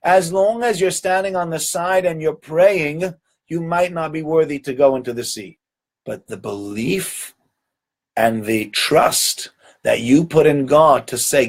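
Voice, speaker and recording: A man teaching a weekly Torah lesson, telling stories in an animated way and often repeating words. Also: fairly high pitch, a little slow.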